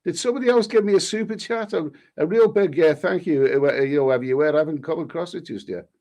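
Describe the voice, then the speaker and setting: A man's voice: on the high side, quick pace, darkish tone. A man hosting a casual live stream, reading viewers' comments aloud and answering with cheeky banter and frequent restarts. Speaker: travel vlogger reading live chat.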